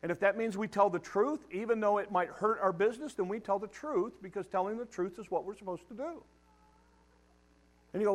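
A man's voice: high voice, a little fast. A middle-aged man preaching a sermon, emphatic and direct, challenging his listeners and repeating words as he builds each point. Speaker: pastor.

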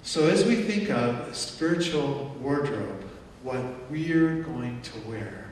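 A male pastor preaching a sermon in a church, animated and conversational, acting out angry outbursts as he speaks. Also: mid-range voice, slow, a little hiss or hum. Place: church sanctuary. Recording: echoey church hall from far off.

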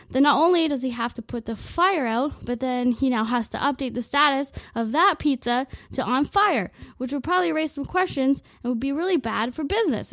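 A woman's voice: on the high side, dry recording, studio quality. Rambling, foul-mouthed young woman ranting. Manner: crude, rambling, full of filler "like" and swearing. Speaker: vlogger. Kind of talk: comedic rant monologue.

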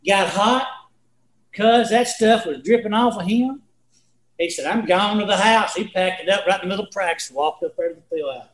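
A man's voice: high voice, moderate pace. A man in his sixties leading a casual Bible study, talking in a folksy, rambling, storytelling way. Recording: echoey room.

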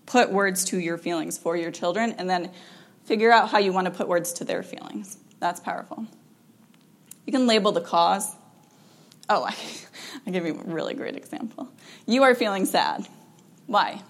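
A woman counselor giving an informal talk to parents, chatty and animated, with frequent ums and laughs, acting out what parents and children say. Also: on the low side, normal speed, pauses often. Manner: animated, acts out quoted parent and child lines.

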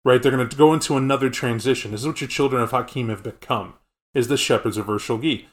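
A man's voice: mid-range voice, fast talker. Man rambling through game lore. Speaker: podcast co-host. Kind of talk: casual tabletop game lore chat.

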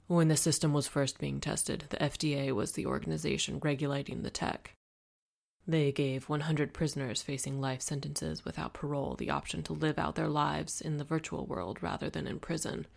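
Low, gravelly female audiobook narrator, steady and expressive. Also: moderate pace. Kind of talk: first-person audiobook narration.

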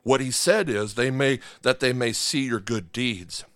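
This male pastor preaches an unhurried, conversational sermon in a medium-pitched, slightly bright voice, asking the congregation for agreement as he checks in with them. The recording is studio quality with no echo.

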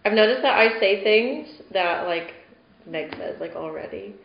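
A woman's voice: medium pitch, lively intonation, measured pace, vocal fry. A young woman in a casual group chat, laughing and playfully retelling what a friend said. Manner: giggly, playful retelling of quotes. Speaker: dog trainer on team podcast. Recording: echoey room, dull lo-fi sound, faint noise.

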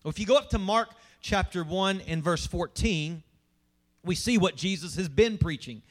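A man's voice: high voice, animated, normal speed. A man preaching a sermon as pastor, emphatic and asking the congregation questions.

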